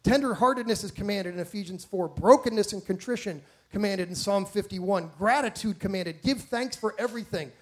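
A man preaching a sermon from a stage, emphatic and animated, with frequent restarts and rhetorical questions. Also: high voice, fairly quick, hardly any pauses.

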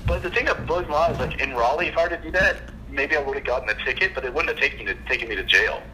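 A young man, a guest chiropractor, telling stories in a casual podcast chat with an animated, laughing manner. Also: a little high, racing, a little hiss or hum, low-quality recording.

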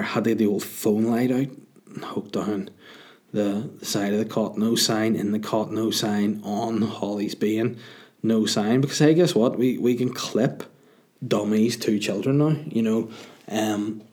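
This young podcast host has a lowish voice with a dark tone, and he swears freely while telling a comic story in a sardonic, self-deprecating way.

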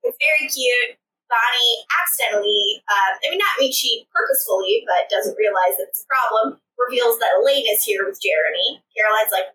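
A woman's voice: on the high side, sing-song, moderate pace, bright, forceful tone. A woman co-hosting a podcast, recapping episodes in casual chat, laughing often and acting out the characters' lines in exaggerated voices. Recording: roomy, slightly distant mic with faint background hum.

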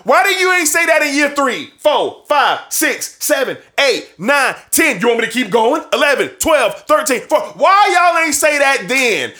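Hosting a sports show, a man rants emphatically in an extremely high, very animated voice with a bright, forceful tone, at a moderate pace with hardly any pauses. He repeats his opinions for effect and bursts into laughter between points.

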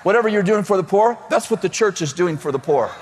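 A man's voice: high-pitched, expressive, quick pace, long reverb tail, a little hiss or hum. A man preaching a sermon, telling comic stories and acting out the voices of the people in them. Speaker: pastor.

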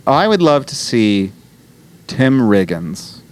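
A man's voice: medium pitch, very animated, slow, slight background noise. Jokey thirty-something man, laughing often. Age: 30s. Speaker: podcast co-host. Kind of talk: casual chat.

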